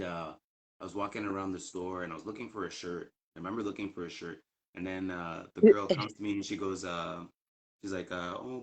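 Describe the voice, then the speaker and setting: Earnest, low-voiced Canadian man. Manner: earnest storyteller with many fillers and restarts, building to indignant emphasis. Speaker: guest. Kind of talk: casual chat.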